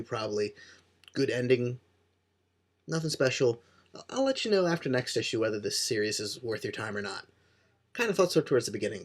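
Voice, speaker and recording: A man from New Jersey casually reviewing comics in a cold room indoors, rambling and offhand and quick to poke fun at himself. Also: mid-range voice. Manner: rambling and offhand, self-deprecating.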